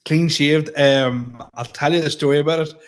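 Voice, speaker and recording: A man in his thirties co-hosting a comedy podcast. He talks in a relaxed, easygoing way. He laughs often and lets his sentences trail off. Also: a little high, moderate pace. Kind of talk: casual comedic chat.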